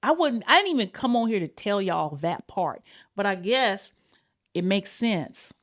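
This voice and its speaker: A woman hosts her own podcast in a loose, confessional way. She talks straight to her listeners, swears without a second thought, and calls them y'all. Her pitch and pace swing around a lot as she goes. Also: expressive, a little slow. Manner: candid, swears freely, addresses listeners as y'all. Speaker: podcast host. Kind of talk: casual confessional talk.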